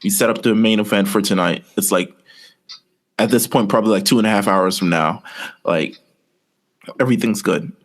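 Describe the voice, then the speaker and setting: A man's voice: lowish voice, normal speed, long pauses. A man co-hosting a casual wrestling podcast, rambling through a story with lots of quoted asides. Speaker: podcast co-host.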